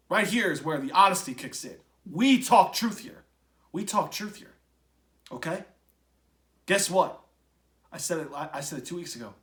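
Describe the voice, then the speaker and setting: A man with a high voice hosts a casual sports podcast. He rants bluntly, jumping from loud outbursts to low grumbling asides. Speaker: podcast host. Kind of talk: casual opinionated sports talk.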